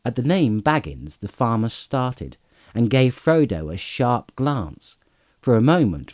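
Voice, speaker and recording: A man's voice: on the low side, darkish tone, no echo, clean studio sound. A man reading a fantasy novel aloud as an audiobook narrator, telling the story expressively. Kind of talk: scripted narration.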